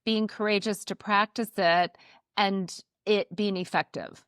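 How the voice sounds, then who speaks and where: A woman's voice: medium pitch, fairly even intonation, measured pace, a bit bright, clear, resonant tone, no room sound, studio quality. A woman co-hosting a parenting podcast who speaks thoughtfully, affirming her partner and summing up the points. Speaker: podcast co-host. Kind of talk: casual parenting chat.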